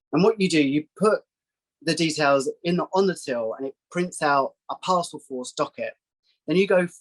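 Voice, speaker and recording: Animated storytelling man. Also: rough recording. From England. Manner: animated, acts out quoted voices with a higher pitch. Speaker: psychic guest. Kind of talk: anecdotal storytelling in casual chat.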